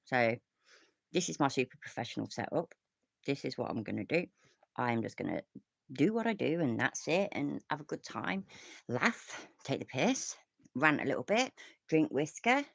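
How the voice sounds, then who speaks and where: Chatty English woman, gravelly voice. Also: a bass voice, sing-song, normal speed, no room sound. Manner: rambling, swears often, laughs a lot. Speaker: host. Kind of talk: casual reaction commentary.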